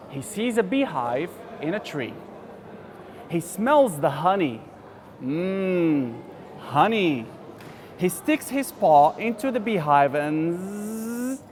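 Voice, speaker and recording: A male teacher from Algeria hosts a reading lesson and tells a story to young pupils. His voice sits high and swings about with lively, animated storytelling. A faint noise hums in the background. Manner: friendly, encouraging, animated storytelling. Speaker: teacher and show host. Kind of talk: reading a story aloud to children.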